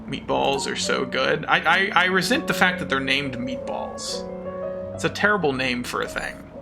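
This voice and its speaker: A man's voice: mid-range voice, normal speed, vocal fry. A man streaming a puzzle game in casual chat, frustrated and self-mocking, who swears often and thanks viewers as he plays. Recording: game stream with music behind.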